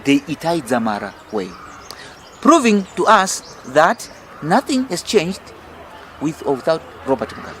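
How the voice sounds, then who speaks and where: A man's voice: a little high, very animated, a little slow, a bit bright, slight background noise. A middle-aged Zimbabwean man with a Zimbabwean accent, a political campaign leader giving a fiery, emphatic, rhetorical interview. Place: outdoor restaurant in city gardens.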